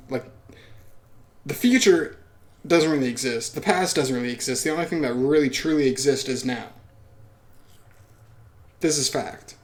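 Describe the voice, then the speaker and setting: Young man reading a story aloud. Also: mid-range voice. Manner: casual, offhand asides. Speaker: podcast host. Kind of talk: reading a visual novel aloud with commentary.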